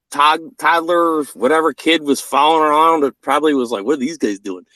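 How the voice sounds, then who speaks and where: A man's voice: medium pitch, a bit bright, dry recording, low-quality recording. A man in his thirties telling a personal story in a blunt, profane way, acting out the quoted lines. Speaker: vlogger. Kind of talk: casual storytelling monologue.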